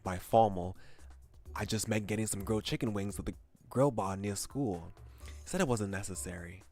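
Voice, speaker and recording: A man reading game text aloud as a young male high-school student telling his own story, with lively exclamations. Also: moderate pace, vocal fry, soft background music.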